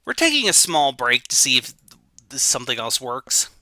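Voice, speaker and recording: A man's voice: medium pitch, wildly swooping pitch, normal speed, bright, forceful tone, dry recording. A man streaming games live, muttering in frustration as his setup keeps failing. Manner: frustrated muttering over technical trouble. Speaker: game streamer.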